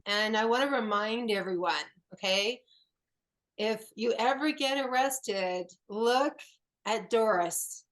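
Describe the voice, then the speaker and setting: A woman's voice: fairly high pitch, takes it slowly, low-quality recording. A woman host speaking earnestly and affirmingly to her guest and audience. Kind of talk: encouraging talk to guest and audience.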